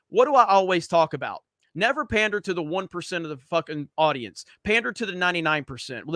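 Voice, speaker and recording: A man's voice: sits high, pushed and bright, no echo. A man hosting a livestream, ranting with heavy profanity and reading chat comments aloud. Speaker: streamer host.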